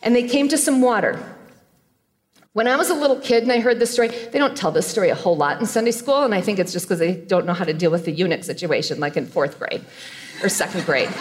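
A woman preaching a sermon, retelling a scripture story with animated storytelling and playful asides. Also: medium pitch. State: choked up with emotion.

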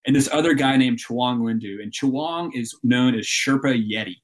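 Animated man telling stories. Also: mid-range voice, normal speed. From Alabama. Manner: animated storyteller, laughs often. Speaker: guest, mountain guide. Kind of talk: storytelling interview.

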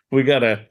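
A man's voice: mid-range voice, husky. Teasing, laughing man from Virginia. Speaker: podcast host. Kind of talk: casual chat.

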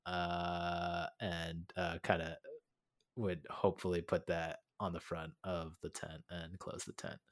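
A man's voice: low-pitched, level tone, slow. A man running a tabletop game, rambling casually with self-mocking asides and frequent laughs. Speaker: game master. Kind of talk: casual chat over a call.

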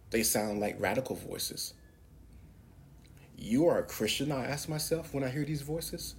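A man's voice: mid-range voice, a little mellow. A man hosting a preaching podcast, speaking in an emphatic, preacherly way and pushing his voice up on key words. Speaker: podcast host.

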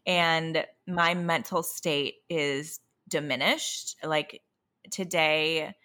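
A young adult woman and parent of a toddler, exhausted, talking candidly in a halting, self-interrupting, emotionally raw way. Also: low-pitched, fairly even intonation, pushed and bright. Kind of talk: candid conversational chat.

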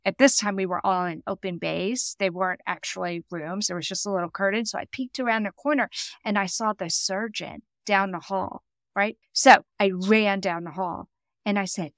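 A woman's voice: mid-range voice, moderate pace, fairly bright tone, dry recording. A middle-aged woman telling an emotional personal story in an interview, earnest and quoting the people she speaks of. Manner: earnest, emotional, quotes others in dialogue. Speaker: guest.

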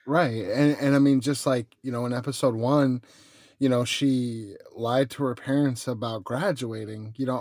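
A man's voice: medium pitch, fairly even intonation, normal speed, a little mellow, dry recording. Guy hosting a podcast, easygoing, says "you know" constantly, mid voice, dry sound. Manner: conversational, filler-heavy with "you know". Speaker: podcast host. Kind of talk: casual chat.

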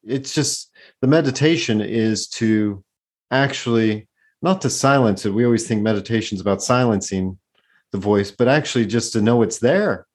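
A man's voice: lowish voice, moderate pace. A man hosting a podcast in casual conversation, engaged and thoughtful, with frequent "uh" fillers.

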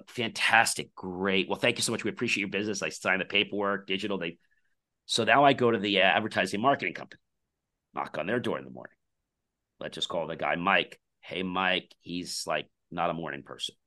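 Man, low pitch, forceful tone, conversational storytelling, acts out dialogue. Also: fairly quick. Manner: animated storyteller acting out quoted dialogue. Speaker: podcast guest, company founder.

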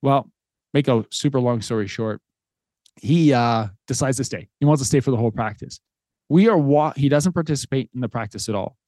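A man's voice: medium pitch, a little fast, a little mellow, no echo. A man in his thirties, a podcast host, telling a personal story in an earnest, heartfelt way, with frequent restarts.

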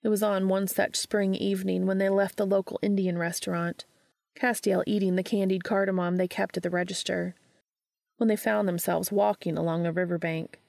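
A woman narrating a story aloud in a calm, even storytelling manner. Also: mid-range voice, normal speed, vocal fry, no room sound, studio quality. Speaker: podfic reader. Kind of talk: audiobook narration of fan fiction.

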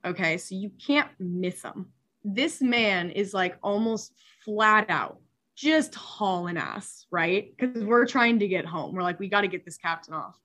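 A young woman, a superyacht stewardess, telling a story in casual chat, animated and laughing, with many filler words. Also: mid-range voice, slow pace.

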